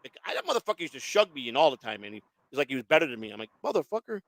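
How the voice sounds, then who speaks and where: A man's voice: mid-range voice, rapid-fire, fairly bright tone, no echo. A man hosting a casual chat, rambling and swearing, with lots of restarts. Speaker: show host.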